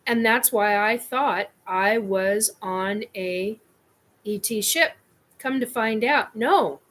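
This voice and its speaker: A woman's voice: mid-range voice, takes it slowly, a bit bright. A woman hosting her own show, telling a personal experience in a scattered, rambling way. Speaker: host.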